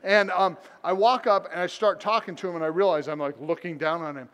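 A man's voice: high voice, fairly even intonation, brisk, a bit bright. A man preaching a sermon as pastor, telling a personal story with self-deprecating humor. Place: church sanctuary. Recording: long church reverb.

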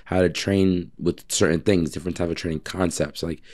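A man, a personal trainer, telling stories in a casual podcast chat, with lots of fillers like "like" and "um" and a lively way of talking. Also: low-pitched, a little fast. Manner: animated storyteller, many fillers.

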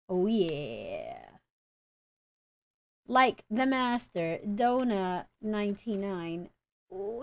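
A young woman commenting as she plays a video game, excitable, shrieking and groaning as she wins and fails. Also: on the high side. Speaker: gaming YouTuber. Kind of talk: let's play commentary.

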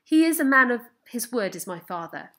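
A woman's voice: a little high, very animated, moderate pace, bright, forceful tone, full character voice. A woman reading aloud as a kind, eager fifteen-year-old farm boy who speaks tenderly to his horse. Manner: tender, coaxing, proud. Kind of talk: storybook reading.

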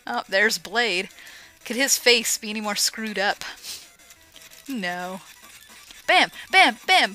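Woman, let's play commentator, bright tone, sarcastic jokes, excitable yelps, faint music behind. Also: mid-range voice, a little slow, rough recording. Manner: joking, sarcastic, excitable outbursts while playing. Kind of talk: casual gameplay commentary. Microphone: home microphone.

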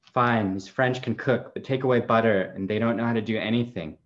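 A man's voice: fairly low pitch, fairly even intonation, brisk, dull audio, close to an everyday voice. A poet voicing a blunt old father. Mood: wry. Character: blunt older father, dryly opinionated.

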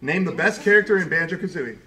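A man's voice: a little high, lively intonation, bright, forceful tone. A man hosting a fan-made game show, reading questions and answers in a playful, hammy way. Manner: playful and hammy, quick rundown of rules.

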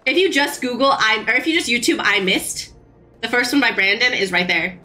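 A woman streaming a game, chatting casually with quick, joking, swearing back-and-forth, with faint game music behind. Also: fairly high pitch, bright, forceful tone. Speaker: streamer playing a game with a friend. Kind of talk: casual gaming chat.

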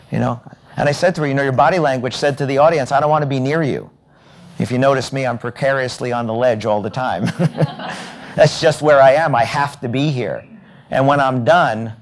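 Storytelling man giving a keynote talk. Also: mid-range voice. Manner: storytelling, acts out dialogue, asks the audience "right?". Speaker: keynote speaker. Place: hotel event room, on stage.

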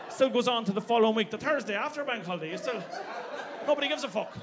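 A man with an Irish accent performing a stand-up comedy set in a club, animated and sweary, acting out characters. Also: extremely high pitch, fast talker, background noise. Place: comedy club with a live audience. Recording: live club with crowd laughter.

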